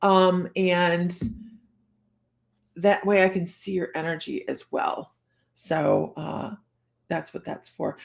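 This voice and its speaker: A middle-aged woman with a hoarse voice, hosting a casual live-streamed psychic reading in a chatty, rambling way full of fillers and restarts. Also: on the low side, steady tone, takes it slowly, pauses often. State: hoarse from a cold.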